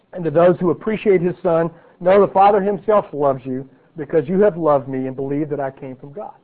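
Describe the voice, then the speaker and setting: Male preacher, high voice, chatty teaching sermon, thin phone-line sound. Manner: conversational teaching, frequent "okay" and "right". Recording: tinny phone-like audio.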